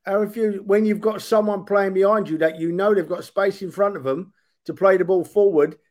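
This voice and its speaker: A man's voice: high-pitched, steady tone, moderate pace, a little mellow. A man on a football podcast call who argues his point with long rhetorical questions. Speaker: podcast co-host. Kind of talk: casual football chat.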